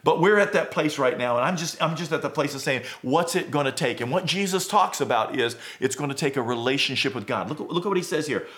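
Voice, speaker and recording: Male pastor, middle pitch, conversational and self-searching sermon delivery. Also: expressive, a little fast, a bit bright. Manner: conversational, earnest, self-questioning, with many fillers and restarts.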